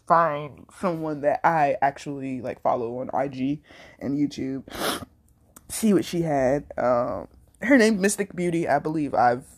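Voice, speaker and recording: Low-voiced woman rambling candidly. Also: a little mellow. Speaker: podcast host. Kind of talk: casual solo podcast monologue.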